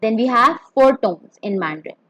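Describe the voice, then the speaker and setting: A woman's voice: on the high side, lively intonation, moderate pace, a bit bright, no echo, low-quality recording. A woman teaching a beginner Mandarin pinyin lesson, explaining carefully and demonstrating each tone.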